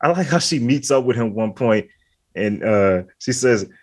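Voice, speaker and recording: A man with a mid-range, somewhat dark voice talks at a moderate pace with lively intonation. As co-host of an easygoing podcast, he rambles, fills gaps with "like," and laughs a lot.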